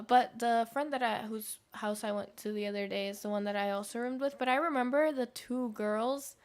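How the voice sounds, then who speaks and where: Young woman rambling through a story. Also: a little high. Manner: rambling anecdotes with fillers and laughs. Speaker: streamer. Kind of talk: casual chat while gaming.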